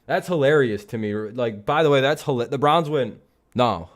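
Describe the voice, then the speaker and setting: A man's voice: medium pitch, a little fast. A man hosting a casual live football talk stream, rambling and joking with plenty of swearing. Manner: rambling, profane, laughing jokily. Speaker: streamer and host.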